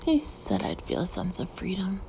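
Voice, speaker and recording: A woman's voice: fairly low pitch, huge pitch swings, normal speed, vocal fry, darkish tone, lo-fi sound, slight background noise, heavily acted. A woman reading the part of a chatty, self-mocking divorced woman. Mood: wry.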